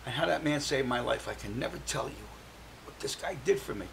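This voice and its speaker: Older gravelly-voiced man telling his story. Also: medium pitch, brisk, a little hiss or hum, rough recording. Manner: animated storyteller acting out the voices of people he quotes. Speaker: guest. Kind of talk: personal storytelling interview.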